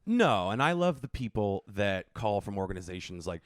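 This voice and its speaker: A man co-hosting a podcast, tossing off deadpan, profane jokes in casual comic chat. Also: lowish voice, moderate pace, no room sound, studio quality. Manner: joking, deadpan quips, profane. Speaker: podcast co-host.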